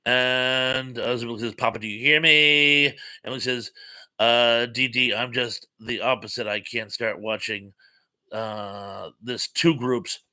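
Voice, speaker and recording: A man's voice: mid-range voice, little pitch movement, slow pace, sharp tone. A man hosting an impromptu live stream. He reads viewer comments aloud and chats loosely, with plenty of ums and uhs. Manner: rambling and chatty, with frequent ums and uhs. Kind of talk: casual live chat reading viewer comments.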